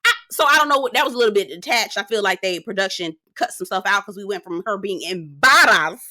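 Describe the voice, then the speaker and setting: Animated, bright-voiced woman recapping reality TV. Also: mid-range voice, fast talker. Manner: animated, profane, emphatic repetition, laughs often. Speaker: TV show reviewer. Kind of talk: casual reality TV recap commentary.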